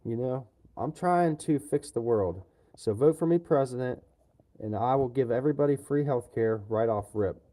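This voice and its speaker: A man ranting profanely and loudly to his livestream viewers. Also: mid-range voice, normal speed. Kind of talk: livestream rant.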